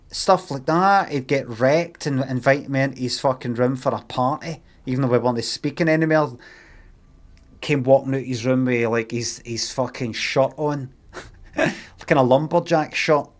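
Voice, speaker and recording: A man's voice: medium pitch, steady tone, a little slow. A Scottish man on a live stream telling a rambling, heavily sweary anecdote in a casual way.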